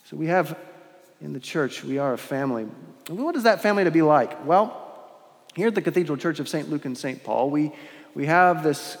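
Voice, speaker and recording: A man preaching a sermon in a measured, earnest way, with pauses and restarts, in a large church. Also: on the high side, lively intonation. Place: large church with long reverb. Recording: long hall reverb.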